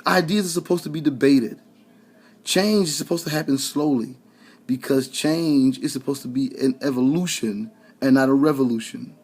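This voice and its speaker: A man with a husky voice at an ordinary middle pitch, ranting sarcastically about politics. He talks straight at his listeners in loose, colloquial speech, and he keeps stumbling into repeated words as he pushes on. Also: normal speed, darkish tone. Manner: sarcastic, heated, stammering repeats; addresses listeners directly, colloquial. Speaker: commentator.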